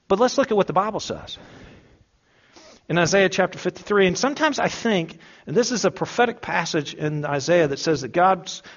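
Guy preaching, jokey and chatty, kinda high voice, muffled lo-fi sound. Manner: conversational and humorous, with emphatic slow stresses. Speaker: pastor. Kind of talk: sermon. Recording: dull lo-fi sound.

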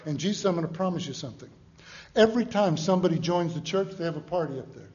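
An older man preaches with folksy humor and a lively, fairly high voice that rises and swells as he tells stories. The sound is roomy and a little dull, with faint noise behind him. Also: fast talker. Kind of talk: storytelling sermon.

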